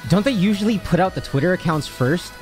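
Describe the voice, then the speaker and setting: A man's voice: sits high, a little fast, soft background music. A young man streaming, chatting casually with his viewers, swearing and ranting in exasperation. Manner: animated, swearing, exasperated rants. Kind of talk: casual livestream chat.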